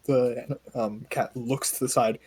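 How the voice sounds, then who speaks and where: A man narrating as game master of a tabletop game, relaxed and halting with many fillers. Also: medium pitch, husky.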